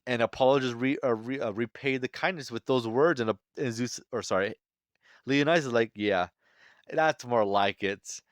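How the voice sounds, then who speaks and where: Man, casual commentary host, mid pitch, dry close mic, eager and rambling. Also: fairly quick, no room sound. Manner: chatty, enthusiastic, frequent fillers and restarts. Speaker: manga commentator. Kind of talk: casual chapter breakdown commentary.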